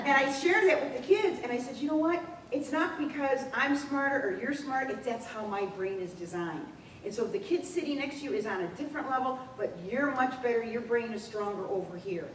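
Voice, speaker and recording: A woman presenting at a workshop, telling school anecdotes with animated storytelling and acting out the dialogue. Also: high-pitched, fast. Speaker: school administrator presenting a program. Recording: echoey room, distant mic, faint noise.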